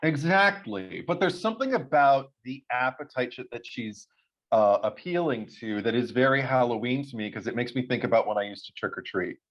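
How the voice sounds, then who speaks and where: A man co-hosting a casual podcast chat, telling stories in an animated way and swearing freely. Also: moderate pace. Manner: animated storytelling, jumps high for quoted voices. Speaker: podcast co-host. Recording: slightly dull lo-fi sound.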